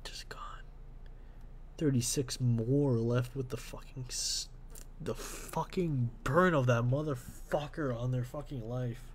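A man's voice: medium pitch, unhurried, slight background noise. Man venting raw and profane. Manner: drops to near-whispers at times. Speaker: podcast host. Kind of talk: emotional podcast monologue.

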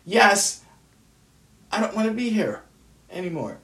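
A man's voice: high-pitched, very animated, a little slow, sharp tone, recorded from a distance. A man venting to the camera in a frustrated, swearing rant, often repeating himself. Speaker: vlogger. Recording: roomy echo, away from the mic.

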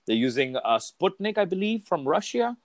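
A man's voice: sits high, very animated, normal speed, no room sound. A man as a podcast guest in casual chat, telling stories candidly, swearing freely and restarting his sentences often.

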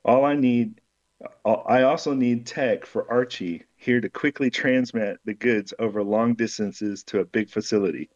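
A man's voice: mid-range voice, fairly even intonation, a little slow, a little mellow, lo-fi sound, natural voice. A man reading the lines of a scheming male ghost companion who haggles sweetly and persuasively. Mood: wheedling.

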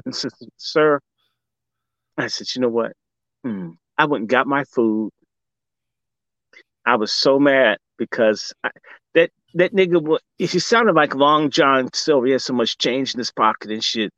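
A man from Washington, D.C., telling a comic story in casual talk, profane and animated, laughing often and acting out what people said. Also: mid-range voice, moderate pace, dry recording, dull audio. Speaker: commentator.

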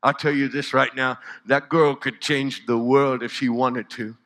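A man's voice: medium pitch, level tone, a little slow, a bit bright. A man performing a dramatic, intimate spoken monologue, often dropping to near whispers. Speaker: storyteller.

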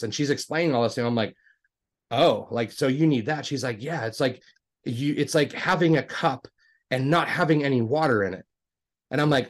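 Casting: male storyteller, mid pitch, conversational testimony with lots of "like" and restarts. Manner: animated, acts out both sides of conversations; frequent fillers and restarts, says "like" a lot.

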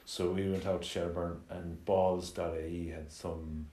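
A man's voice: low voice, flat delivery, a little slow, warm tone. An Irish man chatting on a podcast in an easygoing, laid-back way. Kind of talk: casual chat. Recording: echoey room.

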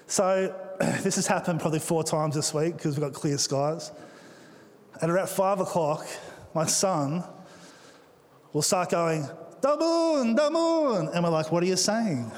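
Joking pastor in a reverberant hall. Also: male voice, on the high side, measured pace, pauses often. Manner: jokey, playful asides. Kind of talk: sermon. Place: church auditorium.

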